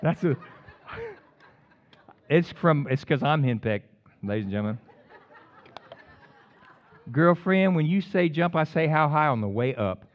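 A man's voice: on the high side, measured pace, pauses often, lo-fi sound, a faint crowd. A man preaching a sermon in a fired-up, rambling way, with jokey asides and sudden bursts of emphasis.

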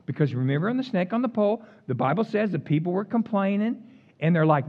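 A man's voice: high-pitched, quick pace, highs cut off. A man preaching a sermon, joking with the congregation and reading scripture aloud with dramatic voices for complaining crowds. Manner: animated, jokey, reads scripture aloud acting out the complainers. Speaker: pastor.

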